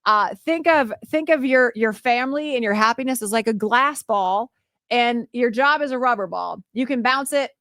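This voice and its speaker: High-voiced chatty woman radio co-host. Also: moderate pace, no room sound, clean studio sound. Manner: animated, laughs often, chatty with many fillers. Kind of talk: casual radio banter.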